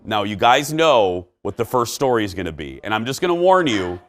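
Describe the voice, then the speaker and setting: A man's voice: on the low side, big pitch swings, a little fast, a bit bright. A middle-aged man hosting a talk show, giving his opinions in a fired-up, emphatic way.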